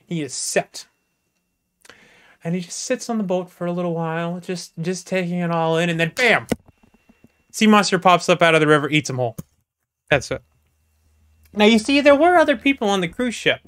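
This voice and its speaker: Live storyteller, stretched-out joke, sudden loud bursts. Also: mid-range voice, lively intonation. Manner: drawn-out, playful narration with sudden bursts. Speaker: comedic storyteller. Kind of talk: live shaggy-dog joke telling.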